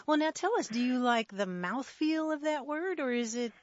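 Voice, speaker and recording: A woman's voice: high voice, expressive, moderate pace, no echo, muffled recording. A woman co-hosting a radio call-in show, friendly and playful with the callers. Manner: friendly, playful, laughs often.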